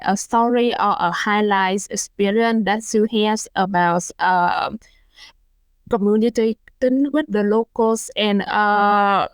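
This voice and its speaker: A woman's voice: medium pitch, smooth, no echo. Woman, interviewer, hesitant questions, dry close recording. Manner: hesitant, many uh fillers.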